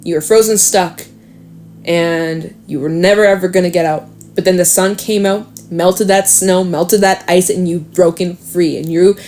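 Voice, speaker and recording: A woman's voice: medium pitch, a little mellow. A young woman giving a casual tarot reading, talking to the cards as she draws them, swearing offhandedly and laughing often. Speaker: tarot reader.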